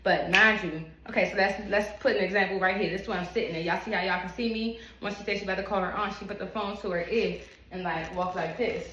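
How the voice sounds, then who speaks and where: A young woman hairstylist telling a story to her phone camera, animated, emphatic and full of swearing. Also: mid-range voice, fast talker. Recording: echoey room with steady background noise.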